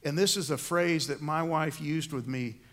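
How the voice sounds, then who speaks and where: A man's voice: on the high side, normal speed, fairly bright tone. A middle-aged man preaching a sermon as a pastor, telling stories and acting out the lines of the people in them. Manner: storytelling with acted-out quotes.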